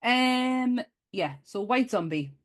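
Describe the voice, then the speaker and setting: A woman co-hosting a podcast in a casual chat, lively and quick to laugh. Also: a little high. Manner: lively, laughs often, exclaims. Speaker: podcast co-host.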